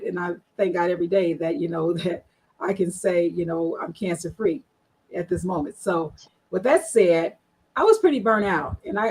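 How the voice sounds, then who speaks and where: A woman's voice: medium pitch, breathy edge, rough recording. A woman guest on an online panel show, chatty and frank, telling her story with many fillers. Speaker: guest, marketing strategist.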